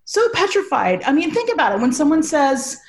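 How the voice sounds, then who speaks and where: Woman podcast guest, higher voice, animated, laughing, salty storyteller, video-call audio. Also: fairly quick. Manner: animated, laughing, swears freely. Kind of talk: emotional storytelling chat.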